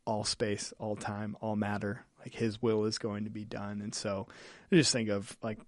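A man, a pastor, chatting on a podcast in an earnest, halting way with frequent restarts. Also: on the low side, little pitch movement, a little mellow, dry recording, studio quality. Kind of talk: casual podcast chat.

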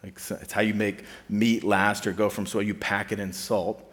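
A man's voice: on the low side, level tone, moderate pace, fairly bright tone. Casual preacher man in a reverberant hall. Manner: casual, repeats key points for emphasis, many fillers. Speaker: preacher to a student ministry. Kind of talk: conversational sermon.

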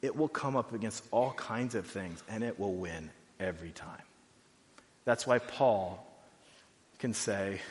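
A pastor preaching a sermon in a conversational way, full of "like"s, going from quiet and low to loud and high. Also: male voice, a little slow, in a large hall. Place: church hall.

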